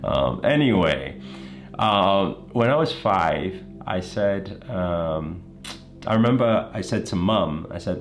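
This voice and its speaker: A man's voice: low-pitched, expressive, a little slow, creaky, faint music behind. A man from England giving an emphatic motivational talk to camera, often checking in with "right?" and "you know". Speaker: motivational speaker.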